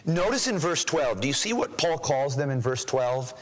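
A man preaching a sermon as a pastor, emphatic, rising in pitch and volume when he reads scripture aloud. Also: sing-song, normal speed, long reverb tail, poor audio.

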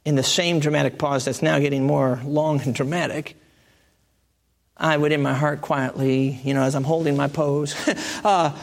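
A man preaching a sermon in a conversational way, jumping to emphatic high peaks and then dropping to soft, hushed lines. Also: steady tone, moderate pace, creaky. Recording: long reverb of a large hall.

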